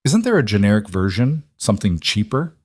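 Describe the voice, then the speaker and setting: A man's voice: on the low side, big pitch swings, a little fast, no room sound. Storybook single mom, young and frayed, as a male narrator puts her on; shaky, strained, dry recording. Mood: anxious. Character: desperate, worn-out young single mother.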